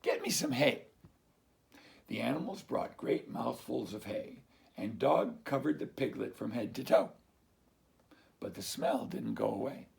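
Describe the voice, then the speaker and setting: A man reading a picture book aloud to children, slow and expressive, as a teacher. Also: mid-range voice, creaky.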